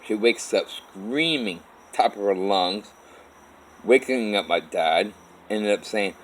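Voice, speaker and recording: A man telling his own life story in a halting, rambling way, with many restarts. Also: fairly low pitch, animated, slight background noise, low-quality recording. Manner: halting, with restarts and repeated "all of a sudden". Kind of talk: rambling first-person storytelling.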